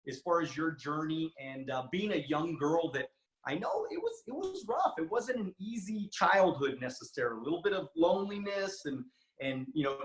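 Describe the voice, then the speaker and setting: A man hosts an interview, eager and stumbling over his words as he restarts. His voice sits a bit high, and the room around him echoes. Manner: eager, stammering with many restarts. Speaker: interview host. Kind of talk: interview conversation.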